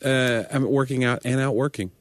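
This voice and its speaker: A man's voice: medium pitch, fairly even intonation, normal speed, dry recording. A man who is a comedian and podcast co-host, chatting casually with a wry, joking manner. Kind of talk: casual chat.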